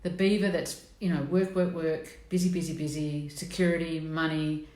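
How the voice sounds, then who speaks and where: A woman's voice: deep voice, flat delivery, moderate pace, darkish tone. A middle-aged woman hosting a live stream, chatting bluntly and with self-mockery, greeting her viewers by name. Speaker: host of a personality coaching live stream. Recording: echoey room.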